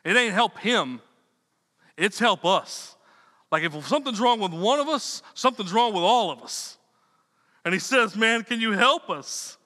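A man's voice: high-pitched, animated, unhurried, long pauses, pushed and bright. A man preaching a sermon in a loose, conversational way, repeating words and dropping slangy asides. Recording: long reverb of a hall.

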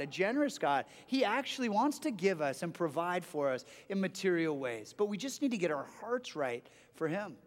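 High-voiced man preaching in a hall. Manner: conversational preaching with frequent restarts. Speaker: pastor. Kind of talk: sermon.

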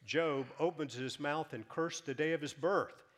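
A man preaching a sermon as pastor, emphatic, rising loud then dropping to a hush. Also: on the high side, unhurried. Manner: emphatic, swings from loud to hushed.

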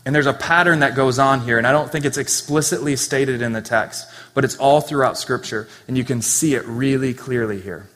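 A man delivering a sermon with an earnest, conversational manner, breaking off now and then to speak plainly to his listeners. His voice sits at an ordinary middle pitch. The sound carries the long reverb of a large hall. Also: brisk, hardly any pauses, fairly bright tone. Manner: conversational, earnest preaching with asides. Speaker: pastor. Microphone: handheld or stand mic.

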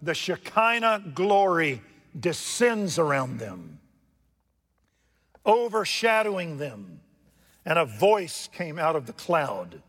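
A man preaching a sermon from the pulpit, jumping from loud emphatic lines to hushed asides and putting questions to his congregation. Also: on the high side, big pitch swings, slow pace. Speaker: pastor. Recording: long reverb from a large hall.

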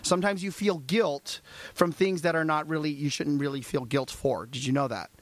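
A man's voice: fairly high pitch, moderate pace, dry recording. A male pastor preaching a sermon, asking the congregation rhetorical questions and acting out little dialogues.

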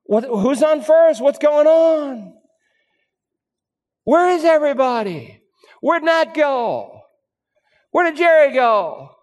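A man's voice: very high voice, big pitch swings, pitched above the performer's own voice, exaggerated voice. A preacher acting out a bewildered churchgoer wandering an emptied church. He fires off frantic questions in a strained, raised voice that rings through a big reverberant hall. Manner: frantic rapid-fire questions. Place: church sanctuary.

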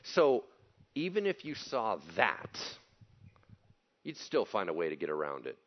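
A man's voice: lowish voice, huge pitch swings, unhurried, pauses often, dull audio. A man preaching a sermon as pastor, talking casually and bluntly and acting out the people he quotes.

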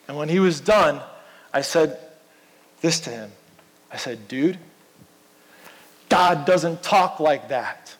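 A man's voice: high voice, long reverb tail, poor audio. A man preaching a sermon as pastor, in a conversational, storytelling manner.

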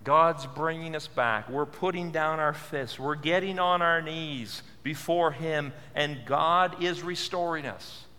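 Brief: earnest male pastor, sermon delivery, bright, slightly high voice, long church reverb. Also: slow, few pauses. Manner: earnest, asks many questions; repeats words when stressing.

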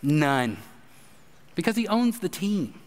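A man's voice: high voice, takes it slowly. A man preaching a sermon, emphatic and speaking straight to his listeners as a pastor. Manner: animated, emphatic preaching with direct address. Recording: reverberant hall.

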